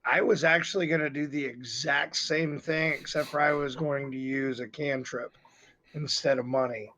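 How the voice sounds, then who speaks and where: Slightly high-voiced man playing a tabletop game. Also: steady tone, normal speed, pushed and bright. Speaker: player. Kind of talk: casual tabletop game chat.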